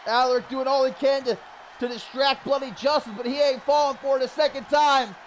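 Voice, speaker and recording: A man calling a wrestling match play by play, getting excited and shouting at the big moments. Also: very high-pitched, brisk. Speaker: wrestling commentator. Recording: loud crowd and noise behind. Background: cheering crowd.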